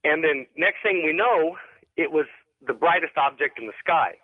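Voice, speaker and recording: A man's voice: a little high, lively intonation, normal speed, no echo. A man calling in to a radio show and telling a rambling story, hesitating often with ums and restarts. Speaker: caller. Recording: phone line.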